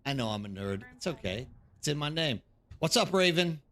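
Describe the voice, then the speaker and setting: Man host, fairly high voice, live gaming stream, casual rambling chat with viewers. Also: big pitch swings, a little fast, a bit bright.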